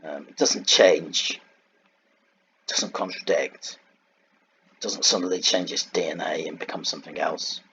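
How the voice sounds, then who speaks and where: Deep-voiced man teaching informally. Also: fairly even intonation, unhurried, creaky, long pauses, a bit bright, lo-fi sound, a little hiss or hum. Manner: digressive, thinks aloud and searches for words. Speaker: Bible teacher. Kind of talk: informal lecture over slides.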